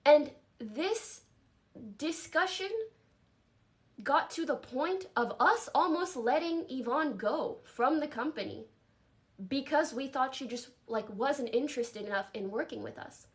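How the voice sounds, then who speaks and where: A woman's voice: high voice, expressive. Emotional young woman streamer. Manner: earnest, apologetic, halting. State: emotional, near tears. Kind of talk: emotional livestream statement.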